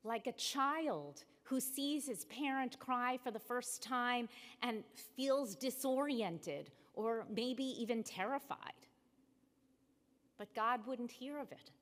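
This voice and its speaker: Slow, measured woman rabbi preaching. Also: on the high side, lively intonation, fairly bright tone. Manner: measured, emphatic, with deliberate pauses. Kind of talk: sermon. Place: synagogue sanctuary. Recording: long hall reverb in a sanctuary.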